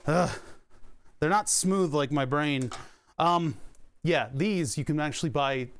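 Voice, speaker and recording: Casual male streamer, a bit high-pitched, joking and self-deprecating while tinkering. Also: slow. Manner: joking, self-deprecating, swears when hurt. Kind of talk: casual live-stream chat while building hardware.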